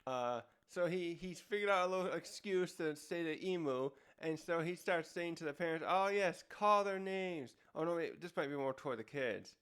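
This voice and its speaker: Rambling man with a slightly high voice. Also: brisk, few pauses, clear, resonant tone. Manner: rambling, restarting sentences. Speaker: host. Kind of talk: casual commentary review.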